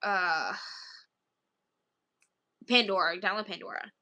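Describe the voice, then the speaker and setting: A woman's voice: mid-range voice, takes it slowly, pushed and bright, lo-fi sound. A woman chatting casually with her viewers, rambling through stories with lots of fillers and frequent giggles. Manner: rambling, filler-heavy storytelling. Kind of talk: casual chat.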